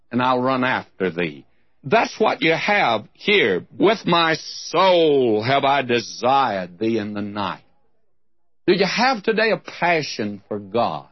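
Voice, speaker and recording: A man's voice: medium pitch, slightly rough, no room sound, highs cut off. A man teaching a sermon on scripture in an earnest, direct way, speaking straight to his listeners. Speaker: Bible teacher. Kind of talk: radio Bible teaching sermon.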